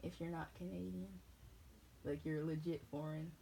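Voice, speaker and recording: A woman's voice: deep voice, fairly even intonation, moderate pace, vocal fry, dark tone, slightly rough, rough recording. A woman from New England rambling through tangents in a casual chat. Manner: rambling, jumps between tangents.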